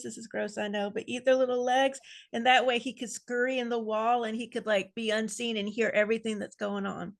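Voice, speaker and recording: A woman's voice: on the high side, flat delivery, a little fast, vocal fry, few pauses. A woman fan panelist on a video call, rambling playfully through a speculative idea and adding amused asides. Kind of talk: casual video-call chat.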